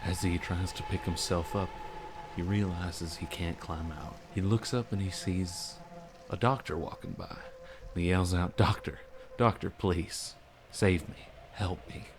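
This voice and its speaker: Rowan, a low-voiced steady man, played by a man. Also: unhurried, noisy background. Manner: firm then gently storytelling. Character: steady, gruff man calming a friend.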